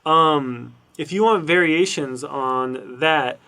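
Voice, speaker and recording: A man's voice: on the high side, slow pace, pushed and bright. A middle-aged man giving a casual recorded university lecture over a screen recording, thinking aloud with frequent fillers and restarts. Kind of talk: casual recorded lecture walking through documentation.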